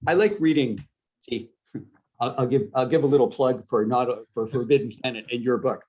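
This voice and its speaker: A man's voice: medium pitch, moderate pace, darkish tone, muffled recording. A middle-aged man from upstate New York with a Canadian-sounding accent, chatting as an author guest in a casual interview, self-deprecating and full of restarts. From upstate New York, USA. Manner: rambling, self-deprecating, many restarts and laughs.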